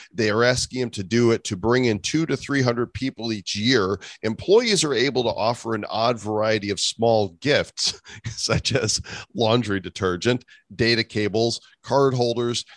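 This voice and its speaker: A man's voice: mid-range voice, no room sound. A man hosting a casual crypto news show, reading items with joking asides. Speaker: host.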